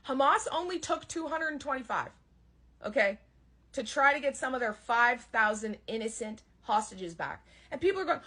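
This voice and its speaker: A woman's voice: high voice, animated, moderate pace, fairly bright tone. A young woman, delivering a heated, profane, sarcastic rant. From Canada. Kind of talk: ranting monologue.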